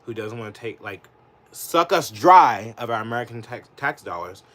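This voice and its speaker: This political livestreamer has an expressive, mid-range voice with a bit of brightness, speaking at normal speed. His live commentary rambles, is full of profanity and "like," and turns heated and indignant.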